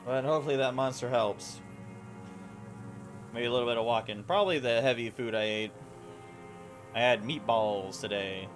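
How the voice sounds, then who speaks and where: A tired man streaming a game, casually reading its dialogue aloud and halting over words with many fillers. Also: mid-range voice. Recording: game music loud behind voice. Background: game music.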